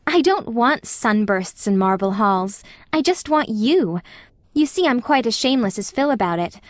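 A woman's voice: fairly high pitch, lively intonation, moderate pace, no echo, lightly acted. Woman doing an eager dreamy young woman in love, emotional, audiobook, dry close sound. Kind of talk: audiobook character reading.

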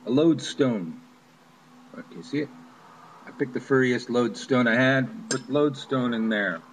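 Over steady background noise on a low-quality recording, a man with a mid-range voice talks at normal speed through a money spell he performs on camera. His manner is offhand and wry, with the occasional swear word.

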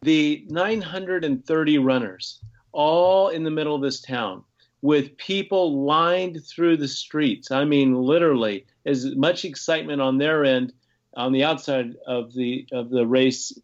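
A man's voice: medium pitch, a little slow, dull audio. Rambling man telling race stories. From United States. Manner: rambling storyteller with frequent restarts and laughs. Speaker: podcast guest, ultrarunner. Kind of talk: casual conversation.

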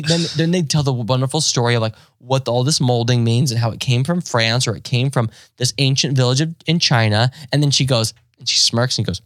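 Man, podcast co-host, casual chat, animated, quotes acted out with gusto, dry close mic. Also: mid-range voice, a little fast, hardly any pauses, no echo. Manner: animated, laughing, acting out quotes in exaggerated voices.

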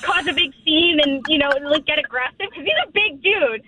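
A woman's voice: high voice, animated, normal speed, pushed and bright. A woman calling in to a radio show, rambling through her story with lots of "like" and "um". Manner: rambling, full of "like" and "um". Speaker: caller. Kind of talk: telling a story on the phone. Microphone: phone. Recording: tinny phone line.

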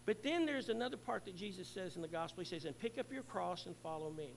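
A middle-aged male pastor preaching a sermon, earnestly, swelling loud and then dropping to a hush. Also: sits high, expressive, fast talker, gravelly, slight background noise, poor audio.

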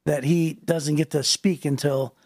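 A man's voice: fairly high pitch, fairly even intonation, a little slow, darkish tone, no room sound, clean studio sound. A man co-hosting a podcast, talking casually about the Bible with many fillers and restarts. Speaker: podcast co-host.

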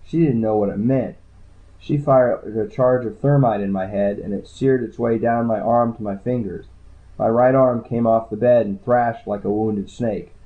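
A man's voice: medium pitch, fairly even intonation, normal speed. A man narrating a first-person story in a dry, wry way. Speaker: audiobook narrator. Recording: tinny phone-like sound.

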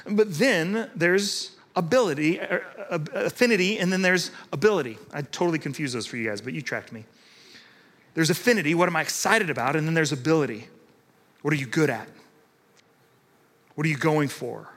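A man preaching a sermon in a conversational, animated way, acting out the voices of people he quotes. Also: fairly high pitch, brisk. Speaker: pastor.

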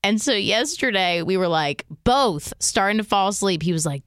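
Lively woman podcast co-host, close dry sound. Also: mid-range voice, normal speed, clear, resonant tone, no room sound. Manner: animated, laughs easily. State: jet-lagged. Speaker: radio co-host. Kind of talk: casual comedic podcast chat.

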